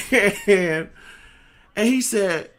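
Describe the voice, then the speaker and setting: A man streaming, telling a story in an animated, slangy way and laughing often. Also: sits high, drawn-out words. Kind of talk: casual storytelling.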